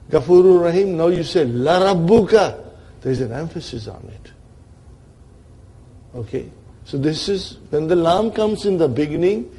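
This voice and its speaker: A man's voice: on the high side, dark tone. A man teaching an Arabic grammar class in lecture style, often checking in with his listeners.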